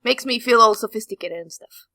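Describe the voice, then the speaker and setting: A young woman from Eastern Europe chatting on a podcast, bubbly and excitable. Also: fairly high pitch, brisk, dry recording. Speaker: podcast co-host. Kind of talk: casual podcast chat.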